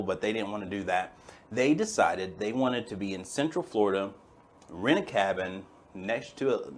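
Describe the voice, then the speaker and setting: A man with a fairly low voice hosts a webinar in a relaxed, folksy manner. He talks to his audience like friends, with easy enthusiasm and a casual storytelling flow. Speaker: chiropractor hosting a webinar.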